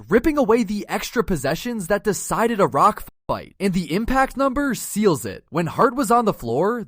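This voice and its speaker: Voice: mid-range voice, no echo, clean studio sound. A narrator delivering a scripted sports breakdown in a punchy, emphatic way, hitting each statistic hard.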